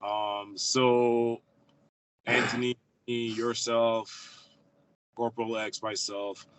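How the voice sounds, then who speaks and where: A man in a casual call chat, halting and trailing off quietly with many fillers. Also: mid-range voice, little pitch movement, smooth, low-quality recording.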